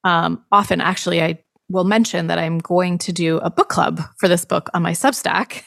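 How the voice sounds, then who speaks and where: A woman's voice: on the low side, fairly even intonation, normal speed, gravelly, hardly any pauses, fairly bright tone, dry recording, clean studio sound. Effusive woman podcast host. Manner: enthusiastic, effusive. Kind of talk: podcast interview.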